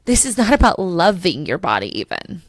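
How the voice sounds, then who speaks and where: A woman's voice: lowish voice, big pitch swings, normal speed, no room sound, clean studio sound. A middle-aged woman hosting a solo podcast, talking passionately and emotionally with many restarts. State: tearful at times. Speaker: podcast host.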